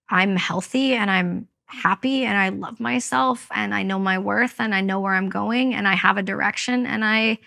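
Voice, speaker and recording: A woman from Canada tells a personal story in an interview, speaking candidly and with emphasis. Her voice has a gravelly, fried edge at a middle pitch. She acts out the words of the people in her story. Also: pushed and bright. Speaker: podcast guest, army veteran.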